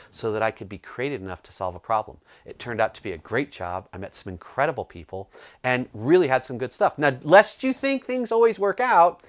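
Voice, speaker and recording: Animated storytelling male coach. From United States. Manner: animated, acts out dialogue with rising pitch. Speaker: business coach. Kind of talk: motivational storytelling to camera.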